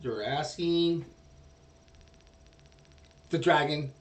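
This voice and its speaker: A man's voice: fairly high pitch, very slow, far from the mic. A man narrating a tabletop game as dungeon master, rambling and hesitant.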